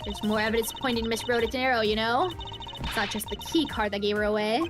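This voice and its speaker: A woman's voice: fairly high pitch, fast, natural voice. A woman reading a scornful haughty prosecutor. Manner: cold, cutting, condescending. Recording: streamed voice over game music.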